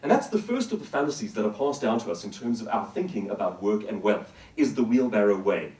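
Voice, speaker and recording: A man's voice: lowish voice, expressive, a little fast, darkish tone, reverberant, distant mic, poor audio. A man giving an emphatic motivational talk to a live audience, putting questions to the listeners. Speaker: professional speaker.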